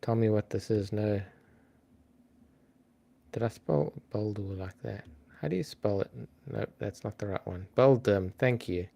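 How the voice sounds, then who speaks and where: A man hosts a live trivia stream in easy, unhurried chat. His voice sits a little low, and he talks slowly, thinking aloud and calling out to viewers by name. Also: creaky, mellow. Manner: chatty, thinks aloud, reads out names and greets viewers.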